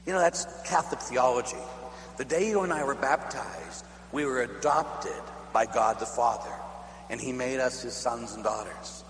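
A Catholic priest from Pittsburgh in the United States, preaching a sermon in a chatty, animated storytelling way with laughing asides. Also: male voice, medium pitch, moderate pace. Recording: echoey hall, faint hum.

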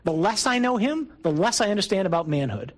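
A man's voice: high-pitched, big pitch swings, brisk, low-quality recording. A middle-aged man, a priest, giving a conversational, emphatic talk to a group of men. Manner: conversational and emphatic, with rising bursts. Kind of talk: sermon talk to a men's group.

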